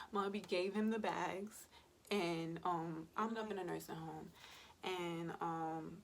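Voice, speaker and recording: A woman, a birth worker and mother, tells a personal story for a vlog in a casual, emotional way, speaking straight to her viewers and often sinking into a soft whisper. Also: fairly low pitch, steady tone, slow pace, gravelly, a little hiss or hum. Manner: conversational, addresses viewers directly.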